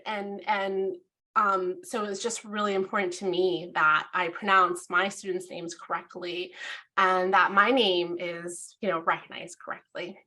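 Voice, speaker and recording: A woman hosts an online education session, and her voice comes through bright and clear. She talks in a casual, animated way, with her pitch climbing whenever she tells a story. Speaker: webinar host. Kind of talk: casual presentation.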